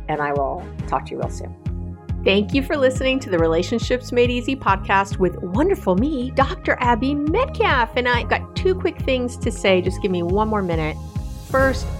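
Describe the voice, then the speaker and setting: A middle-aged woman hosting a relationship podcast as a therapist, talking casually and effusively to her listeners. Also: medium pitch. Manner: warm, effusive, affectionate toward listeners. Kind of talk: casual solo podcast talk.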